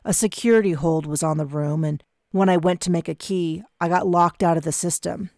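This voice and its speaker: A woman voicing a formal, gentle man who pleads softly, reading an audiobook. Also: fairly low pitch, steady tone, brisk, no room sound, studio quality, close to an everyday voice.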